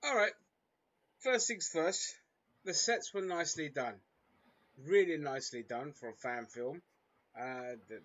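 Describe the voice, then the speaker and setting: Lively man hosting a review chat. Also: on the high side, muffled recording, a little hiss or hum. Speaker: reaction show host.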